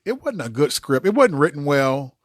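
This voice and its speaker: A man co-hosting a casual chat about movies, laughing a lot and trailing off quietly. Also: on the high side, sing-song, moderate pace, no room sound. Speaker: co-host.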